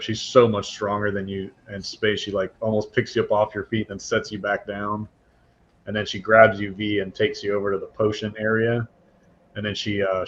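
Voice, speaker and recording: A male game master narrates a tabletop game in a low, flat voice, often hesitating and filling pauses. The recording is dull and lo-fi with a faint hiss underneath. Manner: hesitant, many fillers.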